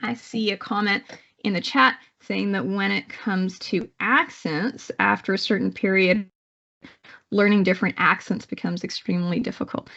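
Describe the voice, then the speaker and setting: A woman's voice: mid-range voice, steady tone, normal speed, vocal fry, a bit bright, muffled recording. A woman with a Canadian accent giving a live online psychology lecture in a conversational way, with many fillers and restarts. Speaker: psychology instructor.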